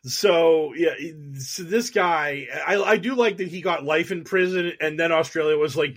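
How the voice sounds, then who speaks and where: A man co-hosting a podcast, chatting casually with sarcastic asides and lots of quick agreement. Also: fairly high pitch, a bit bright. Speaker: podcast co-host. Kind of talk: casual chat.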